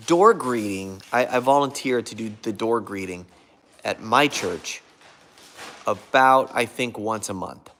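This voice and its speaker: Man, livestream host, casual chat, rambling, loses his thread, reads and thanks viewer comments. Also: mid-range voice.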